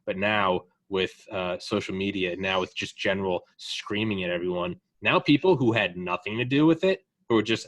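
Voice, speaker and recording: A man in casual political chat on a podcast, animated and profane, acting out the people he quotes. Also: lowish voice, normal speed, dry recording.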